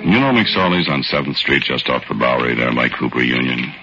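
A folksy, deep-voiced storyteller. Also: male voice, lively intonation, a little fast. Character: easygoing working man telling his story. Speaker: narrator and lead character. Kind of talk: 1940s radio acting. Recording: dull old radio recording with music.

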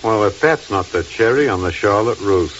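A shrewd Hollywood agent talks in a slick, knowing way with an animated pitch. The style is 1940s radio comedy. The recording is muffled and slightly hissy. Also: male voice, moderate pace. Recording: dull old radio recording with faint hiss.

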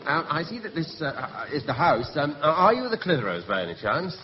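An actor playing a nervous, bumbling gentleman who hesitates and stammers. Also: a little high, big pitch swings, fairly quick, slight background noise. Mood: flustered. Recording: muffled, echoey old radio recording.

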